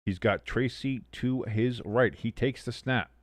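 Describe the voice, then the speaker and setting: A man's voice: medium pitch, unhurried, dry recording, studio quality. A man hosting a live football watch-along. He calls plays, reads chat and drops exasperated, swearing asides in casual commentary. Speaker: host of a live sports watch-along stream.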